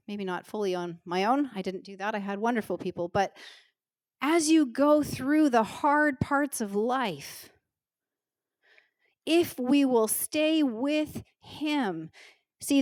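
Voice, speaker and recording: A middle-aged woman pastor preaching a sermon in an earnest, emotional way, slowing down to stress key words. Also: fairly high pitch, dry recording, clean studio sound. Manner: earnest, emotional, slows down for emphasis. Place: church stage.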